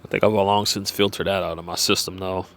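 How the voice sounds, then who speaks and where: Guy w a low-ish voice reading stuff off a page then rambling, lots of uhs. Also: little pitch movement, fairly bright tone. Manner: halting, many fillers and restarts when off script. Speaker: vlogger. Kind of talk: reading from a page and musing aloud.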